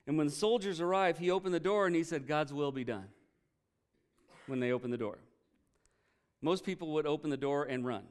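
Man, pastor, sermon, earnest storytelling, emotional, slightly higher voice, smooth and clear. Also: fast. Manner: earnest storytelling, emotional, retells quotes with energy.

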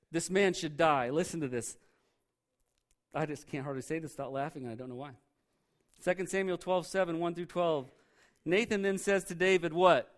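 A man preaching a sermon. He reads scripture aloud and explains it in a conversational way, pushing hard on key words and then dropping to a quiet voice. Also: on the high side. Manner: emphatic, swings between loud stresses and quiet drops. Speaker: pastor.

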